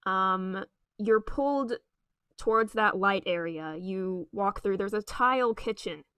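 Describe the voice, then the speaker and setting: A woman's voice: medium pitch, takes it slowly, pushed and bright, clean tone, no room sound, studio quality. A young woman narrating as game master for a tabletop role-play, a little hesitant. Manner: hesitant, with frequent ums.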